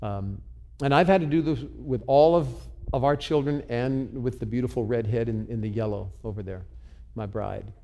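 A man's voice: mid-range voice, moderate pace, vocal fry, warm tone. A man in his sixties, a pastor telling personal stories in a sermon, earnest and confessional, often restarting his words. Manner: earnest, confessional, with frequent stumbles and repeats. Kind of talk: sermon storytelling.

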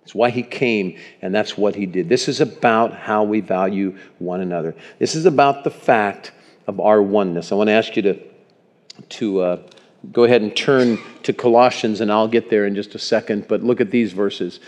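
A male pastor preaching a sermon in a church, animated and chuckling, calling for amens from the congregation. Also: lowish voice, normal speed. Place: church sanctuary. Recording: long reverb in a church hall.

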